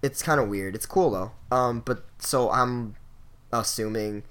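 A man's voice: mid-range voice, unhurried, a bit bright, smooth. A young man hosting a podcast, telling a story in a loose, profane way and leaning hard on filler words. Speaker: podcast host. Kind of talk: casual chat.

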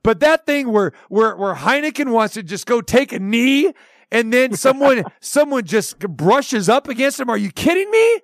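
A man's voice: very high voice, lively intonation, a little slow, no room sound, clean studio sound. A man hosting sports talk radio, ranting with animation and acting out quotes. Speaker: radio show host.

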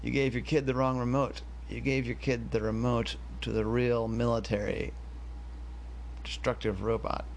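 A calm young detective lays out the facts plainly in a slightly gravelly voice, as a man reads him in his own storytelling voice. The delivery is steady and unfussed. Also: medium pitch, moderate pace, slight background noise, lightly acted. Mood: matter-of-fact. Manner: matter-of-fact. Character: calm kid detective, matter-of-fact.

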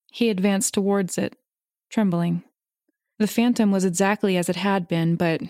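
A woman narrating a classic story aloud in a measured, grave manner. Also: mid-range voice, darkish tone, dry recording, clean studio sound. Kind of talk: audiobook reading.

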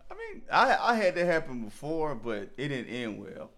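A man's voice: mid-range voice, huge pitch swings, moderate pace, fairly bright tone. A man hosting a casual group chat, telling loose stories with laughter.

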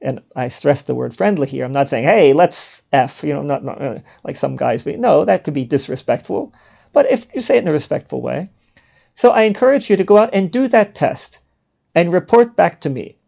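Gravelly, sarcastic male podcast host. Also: fairly high pitch, expressive, brisk, dark tone, lo-fi sound. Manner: sarcastic, mock-indignant, laughs at his own jokes. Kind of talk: provocative monologue.

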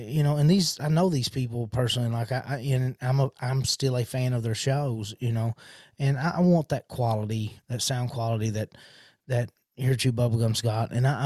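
A man's voice: medium pitch, a little mellow, no room sound, studio quality. Rambling man on a solo podcast. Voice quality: self-described horrible accent. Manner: rambling, many restarts and fillers. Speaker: podcast host. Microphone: studio podcast mic.

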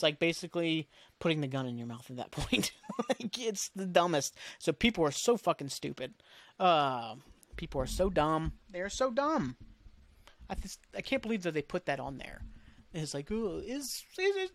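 A man's voice: on the high side, dry recording. A man hosting a casual podcast, ranting in a frustrated, profane, rambling way. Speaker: podcast host. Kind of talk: casual solo podcast rant.

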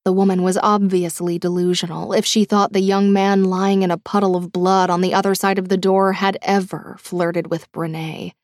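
A woman reading an audiobook in a measured, dramatic way, dropping to a hush at tense moments. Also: medium pitch, flat delivery, no room sound, clean studio sound. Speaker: audiobook narrator. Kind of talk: scripted audiobook narration.

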